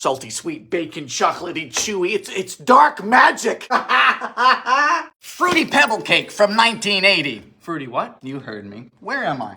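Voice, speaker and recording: A young man hosts a comedic vintage baking show, trading dry sarcastic quips for sudden loud outbursts. His voice is bright and sharp, and his pitch leaps around constantly. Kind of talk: comedic cooking narration.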